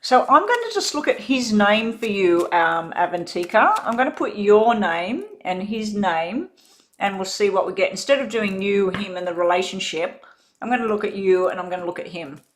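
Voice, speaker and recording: A woman giving a live-stream tarot reading, talking in a relaxed, rambling way as she eats and sets out cards. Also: mid-range voice, normal speed. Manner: relaxed, rambling, chats while eating. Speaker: tarot reader.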